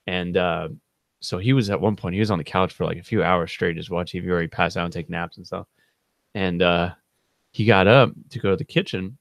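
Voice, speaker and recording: A man's voice: deep voice, fairly even intonation, brisk, vocal fry, no echo, studio quality. A man in his thirties hosting a live stream, rambling through funny stories about a friend, laughing often and quoting people in a raised voice. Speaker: channel host. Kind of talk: casual storytelling on a live stream.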